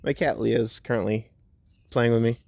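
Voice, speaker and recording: A young man at home casually narrating a fan story, rambling and laid-back, slowing down for the dramatic parts. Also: mid-range voice, fairly even intonation, creaky, a little mellow, no echo.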